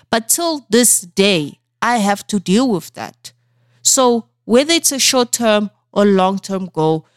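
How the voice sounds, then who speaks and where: A woman's voice: medium pitch, no echo, clean studio sound. Earnest woman coaching her podcast listeners. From South Africa. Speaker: podcast host. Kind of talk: motivational solo podcast talk. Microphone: studio microphone.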